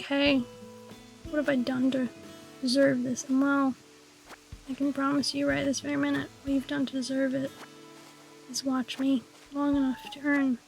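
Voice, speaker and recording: A woman streamer whispering softly in a raspy voice, musing playfully and with mock grandeur as she chats over her game. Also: high voice. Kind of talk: casual gameplay chat.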